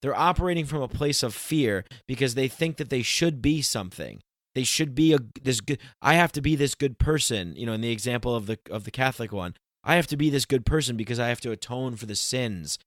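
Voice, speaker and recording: A man hosting a casual podcast, earnest and emphatic, slowing down to press his points. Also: medium pitch, animated, a bit bright, no echo, studio quality. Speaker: podcast host.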